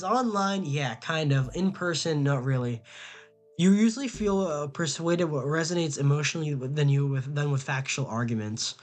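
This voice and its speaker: A young man streaming casually, reading quiz questions aloud and answering them in a rambling, flustered way, often stammering and repeating himself. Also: on the high side.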